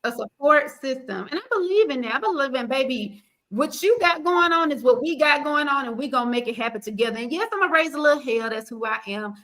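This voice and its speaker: Bright high-voiced sassy woman host. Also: fast. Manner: animated, sassy, preachy asides. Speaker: podcast host. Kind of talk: casual panel chat.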